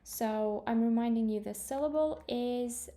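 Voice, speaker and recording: Slow, mellow-voiced woman teaching English. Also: on the high side. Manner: slow, careful explaining with glosses in another language. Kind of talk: grammar lesson explanation.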